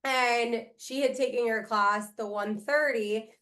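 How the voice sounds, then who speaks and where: A woman's voice: fairly high pitch, fairly even intonation, slow, pushed and bright. A woman hosting a podcast interview who chats casually and gushes with praise for her guest. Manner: effusive, full of praise. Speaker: podcast host.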